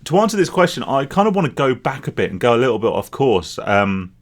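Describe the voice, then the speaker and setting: A former gambling addict talks candidly about his past in a rambling, confessional solo vlog. His voice sits in the mid range with big pitch swings, and he speaks fast as he reflects.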